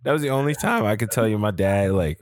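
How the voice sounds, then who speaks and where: A man's voice: fairly low pitch, lively intonation, fast, a loud crowd. A man in a casual chat, a laid-back storyteller who swears casually.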